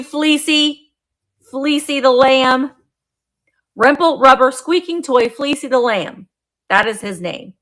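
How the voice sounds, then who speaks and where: A woman's voice: a little high, vocal fry, pushed and bright. Chatty woman hosting a live auction. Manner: chatty, greets viewers by name while describing items. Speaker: live online auction seller. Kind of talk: live-stream sales chat.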